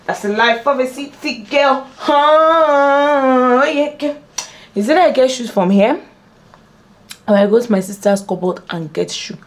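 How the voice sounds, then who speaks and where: A woman's voice: fairly high pitch, moderate pace. A young woman in a casual behind-the-scenes vlog, chatting playfully to her viewers while getting ready at home. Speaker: beauty and lifestyle vlogger. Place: at home, among her filming lights.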